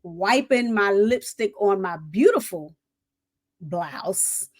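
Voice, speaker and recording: A middle-aged woman, a retired Air Force veteran, telling a lively, folksy story in an interview and talking straight to the audience. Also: mid-range voice, takes it slowly.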